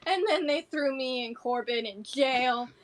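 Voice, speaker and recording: A woman's voice: sits high, unhurried. A woman voicing a guilt-ridden woman adventurer who pleads in rambling, run-on sentences. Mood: pleading.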